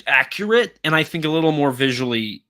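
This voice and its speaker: A man's voice: a little high, animated, fairly quick, bright, forceful tone. A man co-hosting a podcast in casual chat, explaining at length and restarting phrases. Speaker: podcast co-host.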